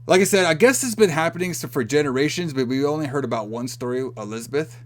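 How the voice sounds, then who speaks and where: A man's voice: on the high side, fast talker. A man co-hosting a podcast, casually recapping a film and acting out the characters' lines with swearing and laughter. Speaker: podcast co-host. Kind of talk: casual movie recap chat.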